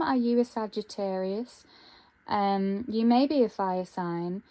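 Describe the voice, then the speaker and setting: A woman giving an intuitive tarot reading, thinking aloud with frequent pauses and ums. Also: medium pitch, a little mellow. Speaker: tarot reader.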